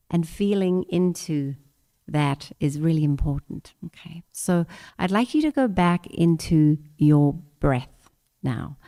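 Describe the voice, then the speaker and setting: A woman leading a guided meditation and breathwork in a church service, speaking gentle instructions and repeating affirmations. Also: fairly low pitch, lively intonation. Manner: slow, gentle spoken guidance with repeated affirmations.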